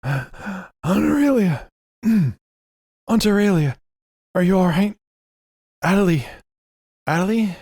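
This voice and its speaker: Frantic young man, put on by a man, gasping pleas, high strained pitch, dry sound. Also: animated, slow pace, long pauses, a little mellow, breathy edge, no echo, heavily acted. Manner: gasping, breathless pleading.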